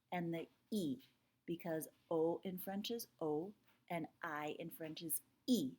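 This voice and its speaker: A woman teaching a French lesson to her students. She talks to them directly, often checks in with "okay?", and draws sounds out slowly to model them. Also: on the low side. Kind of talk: recorded classroom lesson.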